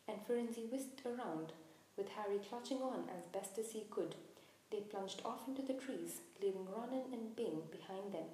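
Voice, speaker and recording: A woman narrating a storybook in a measured, expressive reading. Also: mid-range voice. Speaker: audiobook narrator. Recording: very echoey room, faint hiss.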